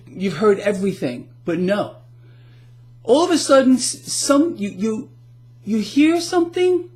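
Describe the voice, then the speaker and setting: Man, middle-aged, casual market blog host, animated, sarcastic, stumbling restarts, desk mic at home. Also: high-pitched. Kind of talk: casual video blog commentary.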